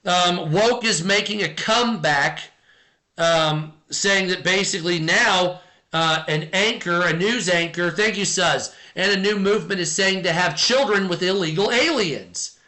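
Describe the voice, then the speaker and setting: A man's voice: high voice, unhurried, pushed and bright. A man hosting a live stream in casual, rambling chat, with lots of fillers, while he reads out viewer comments.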